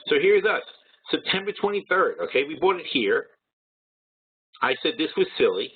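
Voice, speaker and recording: A man's voice: on the high side, sing-song, normal speed, husky. A man hosting a trading webinar, talking bluntly and working through numbers aloud with frequent restarts. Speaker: webinar host. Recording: tinny phone-like audio.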